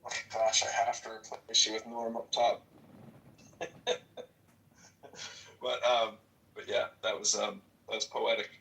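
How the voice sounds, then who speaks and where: A man moderating a casual online audio chat, talking haltingly with many repeated words and restarts. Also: fairly low pitch, level tone, gravelly, sharp tone, rough recording.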